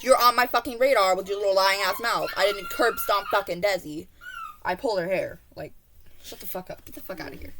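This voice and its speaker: A woman's voice: medium pitch, a bit bright, slight background noise. A teenage girl telling a school story in a casual vlog, rambling and swearing, with many fillers and asides. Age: teens.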